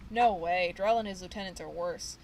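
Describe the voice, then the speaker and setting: A woman's voice: fairly low pitch, moderate pace, background noise, natural voice. A woman reading the lines of a frightened young male ex-gang member who rambles nervously in street slang, in her own everyday voice. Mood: scared. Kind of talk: reading game dialogue aloud.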